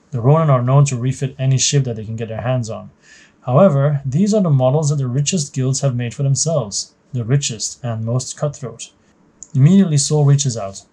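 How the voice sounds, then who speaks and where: Brief: male board game host, mid-pitched, mellow, reads rules and story aloud, explanatory. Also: fairly quick, breathy edge. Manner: explanatory, thinking aloud with fillers and restarts.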